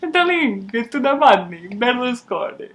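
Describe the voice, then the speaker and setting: A woman host rambles through her outtakes, giggling and poking fun at herself. She swears freely and talks in a slightly high voice. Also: very animated, a little slow, a bit bright. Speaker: true crime YouTube host. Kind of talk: casual outtake chatter.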